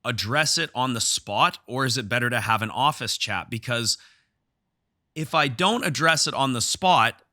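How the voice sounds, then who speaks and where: Bright-voiced man telling a gym story. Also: medium pitch, expressive, moderate pace, no echo, clean studio sound. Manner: storytelling, repeats and restarts when heated. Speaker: podcast host and gym owner. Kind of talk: casual podcast conversation.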